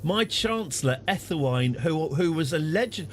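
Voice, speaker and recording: A British man streaming a strategy game, chatting through it and getting excited and apologetic in turns. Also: a little high, normal speed, slight background noise. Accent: British English. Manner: chatty, easily excited, apologetic after outbursts. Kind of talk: live game commentary.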